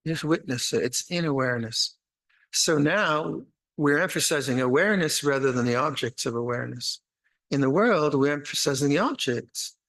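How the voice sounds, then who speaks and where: With a voice on the high side, an older monastic teacher offers a reflective dharma talk at an unhurried pace. Speaking in a retreat meditation hall, he gives meditation instructions, restarts phrases often, and brings in gentle humor.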